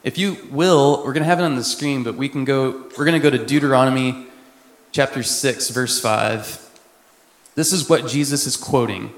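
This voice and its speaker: A man from Texas, a missionary, preaching a sermon in a conversational way with quick asides. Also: medium pitch. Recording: echoey hall with long reverb.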